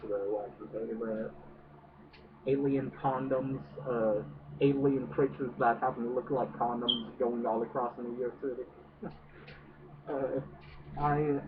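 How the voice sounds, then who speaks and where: A man giving a casual, profane movie rant, hesitant and full of fillers. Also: mid-range voice. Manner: hesitant, many fillers, swears a lot. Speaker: movie reviewer. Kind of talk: casual ranting film review. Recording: distant noisy phone-like audio.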